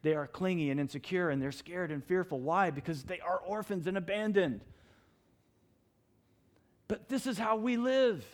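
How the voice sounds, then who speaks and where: Middle-aged guy preaching a sermon, slightly high voice, gets animated telling stories. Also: moderate pace, long pauses. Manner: animated storytelling, acts out his own shouts. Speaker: pastor.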